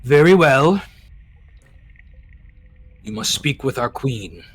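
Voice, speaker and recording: A man voicing a formal, measured male fish-creature guard. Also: medium pitch, expressive, breathy edge, dry recording, soft background music.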